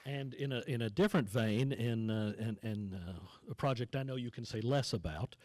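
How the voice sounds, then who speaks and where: A man moderating an onstage interview, asking questions in a measured way with frequent hesitations. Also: medium pitch, a little mellow. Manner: measured, with frequent uhs and restarts. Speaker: moderator and film critic. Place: cinema stage before an audience.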